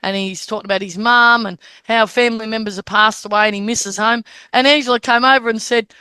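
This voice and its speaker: An Australian woman with a fairly high voice teaches a group on a call. She tells lively stories and acts out what people said. The sound is dry and close. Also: fairly quick, clear, resonant tone, no room sound. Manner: animated storytelling, acts out quoted dialogue. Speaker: medium and teacher.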